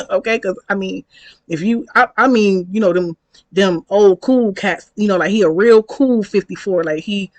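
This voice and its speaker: A woman's voice: medium pitch, normal speed, no echo, low-quality recording. Thirties woman, casual storytime vlogger, slangy and chatty, dry close-up sound. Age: 30s. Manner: chatty, slangy, reenacts dialogue, laughs often.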